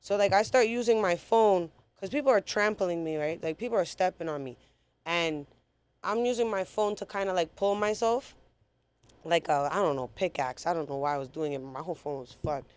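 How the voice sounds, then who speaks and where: A woman's voice: fairly low pitch, fairly quick, clean tone, dry recording. A woman guest recounting a personal story in a casual interview, talking bluntly with a lot of swearing. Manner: blunt, profane, animated retelling.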